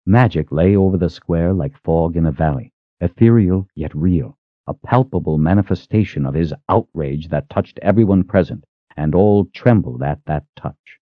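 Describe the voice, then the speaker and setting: A man narrating a fantasy audiobook in a dramatic, expressive style. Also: deep voice, moderate pace, no room sound, narrow, tinny audio. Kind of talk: scripted narration.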